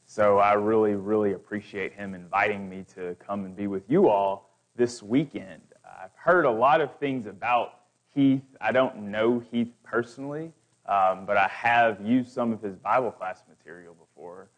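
A man's voice: lowish voice, normal speed. A man preaching as a guest speaker, building emphatic, repetitive lists. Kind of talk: sermon.

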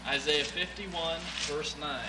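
A man preaching a sermon, reading scripture aloud, swinging between loud emphatic passages and quieter asides. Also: fairly high pitch, steady tone, slow. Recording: echoey room with clear background noise.

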